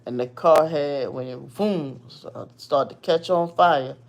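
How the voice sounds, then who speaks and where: A woman's voice: low voice, slow pace. Blunt, profane woman telling a story. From Virginia. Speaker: host telling a personal story. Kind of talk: casual storytelling.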